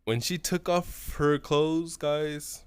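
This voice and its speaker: A man's voice: fairly high pitch, clean tone, no room sound. Young man, twenties, casual storyteller, profane, rambling, dry close sound. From California. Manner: profane, rambling, fills every pause with "right?". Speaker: streamer.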